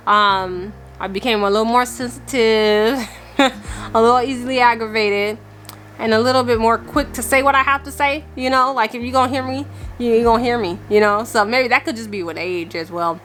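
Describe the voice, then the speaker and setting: A woman's voice: fairly high pitch, moderate pace, a bit bright, faint music behind. A woman in her thirties talking candidly and casually in a vlog, a little out of breath and laughing now and then. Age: 30s. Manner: chatty and candid, laughing often. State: slightly out of breath. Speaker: family vlogger.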